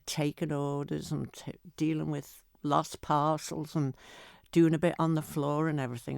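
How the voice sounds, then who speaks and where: A woman's voice: low-pitched, vocal fry, a little mellow, no room sound, clean studio sound. An older woman with a Manx accent, a guest telling self-mocking anecdotes in a casual interview. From Isle of Man. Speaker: guest entertainer.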